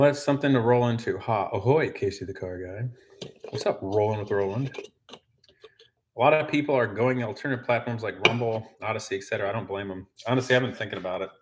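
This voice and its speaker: A man with a lowish voice hosts a casual livestream from his home garage, with background noise around him. He rambles and jokes as he works, reading the chat aloud.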